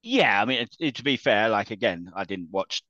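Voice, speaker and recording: A man's voice: lowish voice, animated, a little fast, sharp tone, dry recording, muffled recording. A man chatting casually about wrestling as a podcast co-host, laughing often and restarting his sentences.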